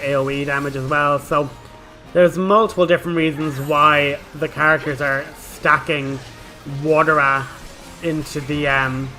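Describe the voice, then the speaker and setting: A man's voice: a little high, bright, forceful tone, rough recording. A young man hosting a gaming channel, explaining his game strategy in a chatty, casual way full of "like". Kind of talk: casual gameplay commentary.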